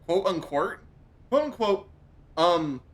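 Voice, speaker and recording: His eyes streaming and mouth on fire after hot sauce, a male streamer chats on his live game stream, groaning, yelping and saying the same things again. The voice sits high and moves slowly with a sing-song lilt.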